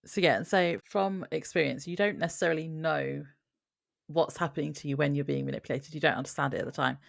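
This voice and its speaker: A woman co-hosting a podcast in casual chat, thoughtful and quick to laugh. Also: deep voice, fairly even intonation, creaky, dry recording, clean studio sound. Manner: chatty and reflective, laughs often. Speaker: podcast co-host.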